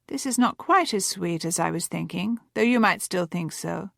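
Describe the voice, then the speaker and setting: A woman's voice: on the low side, lively intonation, moderate pace, vocal fry, no echo, studio quality, exaggerated voice. A woman voicing a playful, teasing young woman who reads her sister's letter with theatrical flair.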